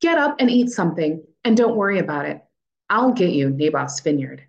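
A woman's voice: lowish voice, very animated, a little fast, gravelly, dull audio. A woman reading as a scheming, commanding queen. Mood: demanding.

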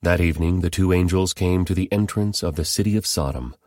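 A man reads scripture aloud in a steady, measured way. His voice is very deep. The recording is close and dry. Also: no echo. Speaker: scripture reader. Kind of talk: scripture reading.

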